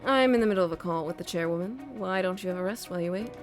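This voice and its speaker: A woman voicing a calm, smug man who is interrogating a drugged captive, speaking in a measured, coolly polite way. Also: on the low side, faint music behind, pitched below the performer's own voice, natural voice.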